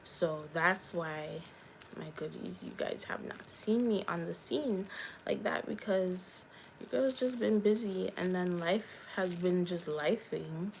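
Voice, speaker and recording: A woman's voice: on the low side, slow pace, gravelly, a little hiss or hum, low-quality recording. A young woman, a YouTuber and hairstylist, chatting candidly on a livestream and talking straight to her viewers. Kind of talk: casual livestream chat.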